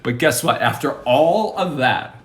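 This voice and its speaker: A man's voice: medium pitch, lively intonation, measured pace, fairly bright tone, slight background noise. A male comedian telling a rambling, self-mocking stand-up story, acting out the people in it.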